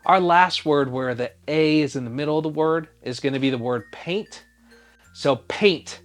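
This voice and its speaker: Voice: mid-range voice, expressive, slow pace, soft background music. A teacher giving a phonics spelling lesson for young children, sounding out each letter patiently and asking the listener to spell along.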